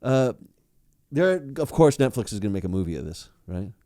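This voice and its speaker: This podcast co-host is a young man whose voice runs somewhat low at a moderate pace. He keeps the casual chat lively, often restarting sentences and laughing. The sound is clean studio audio with no room sound.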